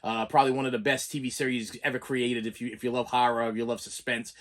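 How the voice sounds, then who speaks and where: A man's voice: medium pitch, flat delivery, fast talker. A middle-aged man who collects movies, telling a long story in a casual, rambling way and often stammering and repeating words.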